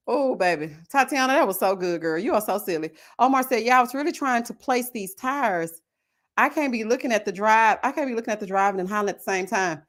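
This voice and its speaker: A woman hosting a casual live chat, animated and laughing often, drawling endearments like "baby" and "child". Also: a little high, fairly quick. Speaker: livestream host.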